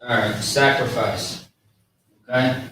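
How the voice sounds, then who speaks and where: A man giving a casual, slangy lesson on words, spelling them out slowly. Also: medium pitch, pushed and bright. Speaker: teacher of a language class. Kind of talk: informal lesson with a live chat. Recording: echoey room, far from mic, faint noise.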